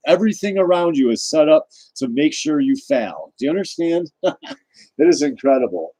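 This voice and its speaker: A man talks straight into the camera in a rambling, indignant rant, circling back and restarting his sentences. His voice is mellow and a little dark. It is recorded dry and close, with no room sound. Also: medium pitch, dry recording, poor audio. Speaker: vlogger. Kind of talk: ranting personal monologue.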